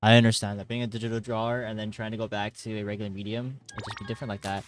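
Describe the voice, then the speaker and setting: A young man live-streaming from his hot bedroom, chatting casually and reading chat aloud, rambling and jokey with sudden loud greetings, and a little tired. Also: on the low side, level tone, very fast, few pauses, dry recording, faint music behind. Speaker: livestreamer.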